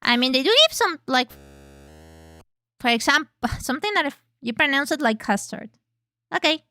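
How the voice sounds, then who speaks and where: This is a young woman, a VTuber, streaming games from home on a close mic in a very dry room with no echo. Her high voice is bright and clear as she chats loosely, reads chat aloud, curses casually, and lets out sudden squeals while playing.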